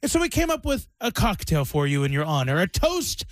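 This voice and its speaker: A man's voice: high-pitched, wildly swooping pitch, a little fast, no echo, studio quality. A man hosting a radio show, chatting in an upbeat, playful way. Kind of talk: casual chat.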